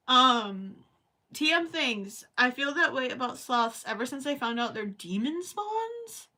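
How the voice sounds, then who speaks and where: Woman rambling on a home crochet stream, slow and unhurried, kinda bright sharp voice. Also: sits high, big pitch swings. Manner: rambling, chatty, thinking aloud. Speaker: crochet livestream host. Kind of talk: casual chat while crocheting, reading live chat.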